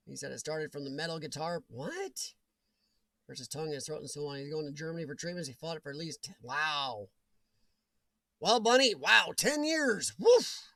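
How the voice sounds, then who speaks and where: A middle-aged man chatting on his livestream, his voice high for a man and swinging widely in pitch. He laughs often and cracks jokey asides as he answers viewers. The sound is close and dry. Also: vocal fry, a bit bright, no room sound. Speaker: livestream host. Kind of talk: casual live chat reading viewer comments.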